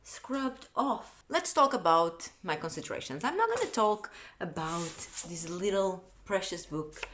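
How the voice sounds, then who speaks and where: A young woman vlogger venting in a casual reading vlog, exasperated and dramatic, her voice swinging between muttered complaints and near-shouts. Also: fairly low pitch, very animated, a little slow, a little hiss or hum. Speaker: book vlogger.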